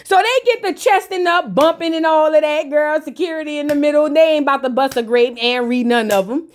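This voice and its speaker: A woman's voice: sits high, brisk. A woman hosting a casual recap of a reality show, sassy and slangy, with chatty asides to her viewers.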